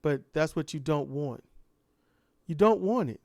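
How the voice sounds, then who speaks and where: A man's voice: fairly high pitch, expressive, measured pace, darkish tone, no room sound. A man delivering an impassioned ranting monologue full of repeated rhetorical questions. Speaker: commentator.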